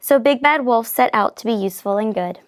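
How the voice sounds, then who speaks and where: A woman's voice: fairly high pitch, brisk. Woman reading a picture book aloud. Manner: expressive, lively storytelling. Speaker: reader.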